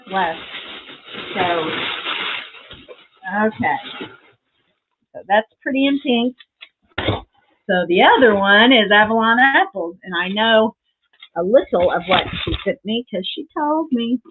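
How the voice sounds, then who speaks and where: A woman's voice: mid-range voice, animated, slow pace, long pauses, husky. A woman chats with her viewers on a crafting livestream, gushing, sentimental and rambling. She talks unhurriedly, stretching out her thoughts. The sound is thin and narrow, like a phone line. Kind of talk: casual live chat with viewers.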